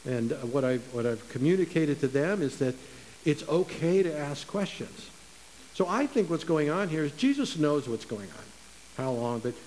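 A man's voice: a little high, a little mellow. A man preaching a sermon in a conversational, emphatic way, often repeating his phrases. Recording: long reverb with faint hiss.

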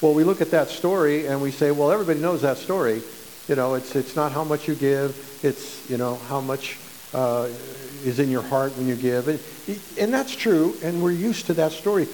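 A man's voice: on the high side, moderate pace, a little mellow, in a large hall, a little hiss or hum, rough recording. A male pastor preaching a sermon in a conversational way, often repeating and restarting words.

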